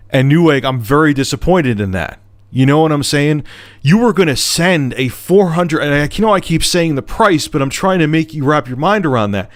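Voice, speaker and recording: Vlogger, male, exasperated and cussing, mid-pitched, storytelling rant. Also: no room sound. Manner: heated, profane, exasperated. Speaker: video blogger. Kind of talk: angry storytelling rant to camera.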